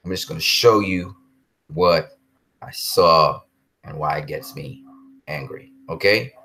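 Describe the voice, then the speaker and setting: A man speaks slowly in a low, sharp-toned voice with slight background noise. He hosts a live stream casually and heatedly, repeating himself, speaking straight to viewers and responding to comments he reads from chat.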